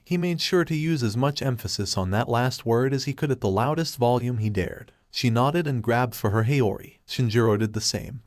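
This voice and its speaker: A man reading scripted fan fiction aloud as narrator, in a steady, even manner. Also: medium pitch, dry recording, clean studio sound.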